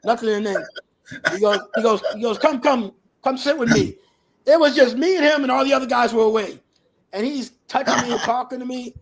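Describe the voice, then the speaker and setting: A man in his fifties, a guest on an interview show, telling stories in an animated way and often saying "you know". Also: quick pace, vocal fry. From New Bedford, Massachusetts area. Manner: animated storyteller, acts out others in a lower voice, peppered with "you know". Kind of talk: casual storytelling interview.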